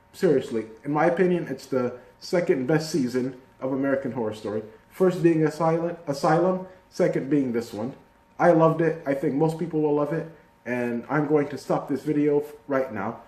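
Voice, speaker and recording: A man talking through a casual video review in a chatty, rambling way, with fillers and restarts. His voice sits a little high but sounds mellow and soft-edged. The recording picks up a noticeable room echo. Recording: echoey room.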